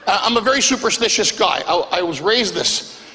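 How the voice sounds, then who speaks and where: High, gravelly stand-up comedian. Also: male voice, a little fast, long reverb tail, slight background noise. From Canada. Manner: animated, excitable storytelling. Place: comedy club stage, live show.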